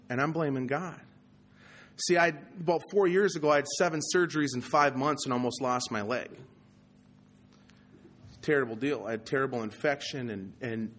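A man giving a personal testimony talk at a recovery meeting, talking passionately and swinging from loud, heated outbursts to low, quiet confession. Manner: conversational, repeats "you know".

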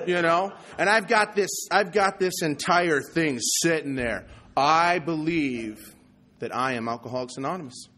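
A man giving a personal testimony talk at a recovery meeting, talking passionately and swinging from loud, heated outbursts to low, quiet confession. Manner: conversational, repeats "you know".

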